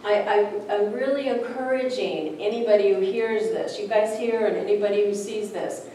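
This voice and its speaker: A woman's voice: mid-range voice, moderate pace, warm tone. Earnest woman preaching in an echoey room. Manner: conversational, earnest, many "you know" fillers. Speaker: spiritual teacher at a center. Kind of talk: informal sermon-style storytelling to a small audience. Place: room of a spiritual center. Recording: echoey room, mic far off, faint noise.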